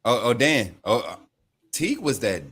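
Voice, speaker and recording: Mid-pitched rambling coach in sports talk. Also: male voice, very animated, normal speed, a bit bright, slightly rough. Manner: loose, rambling, many fillers. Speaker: podcast co-host, coach.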